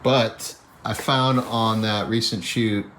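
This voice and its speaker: Outside beside a van on the road, a man who shoots travel vlogs as a cinematographer rambles through his narration in a casual, plain manner. His fairly low, slightly bright voice moves slowly with fairly even intonation, over loud traffic ambience.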